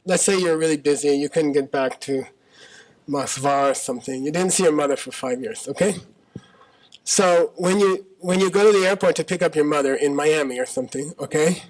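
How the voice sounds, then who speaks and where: A man's voice: a little high, brisk, poor audio. A man teaching a Buddhist talk to a live audience in a small auditorium, conversational, often checking in with "okay?" and arguing through questions. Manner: argues by voicing debating partners in questions.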